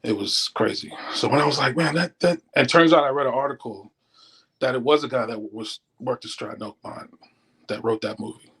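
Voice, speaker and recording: A man's voice: mid-range voice, a little fast, slightly rough, poor audio. A middle-aged man, a former stockbroker, telling stories as an interview guest and acting out what people said. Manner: animated storyteller acting out quotes. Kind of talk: casual storytelling.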